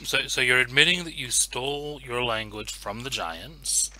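A man's voice: medium pitch, moderate pace, low-quality recording. Dry, teasing male game master, table chatter behind.

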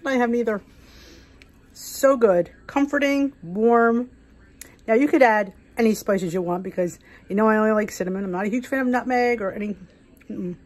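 A slightly high, somewhat mellow voice at a moderate pace comes through a rough recording. The host is an American woman doing a casual cooking video, chatting and rambling as she explains the recipe.

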